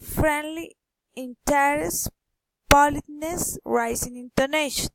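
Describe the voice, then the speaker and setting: A woman reading pronunciation drills aloud, slow and deliberate. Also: sits high, vocal fry, no echo, poor audio. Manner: slow, careful, deliberate reading of words and sentences. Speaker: phonetics student.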